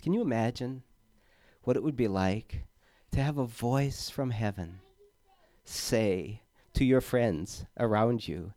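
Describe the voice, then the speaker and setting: A man preaching a conversational sermon, halting, with many fillers and repeated words, and earnestly leaning on key words. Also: medium pitch, warm tone, no room sound, clean studio sound.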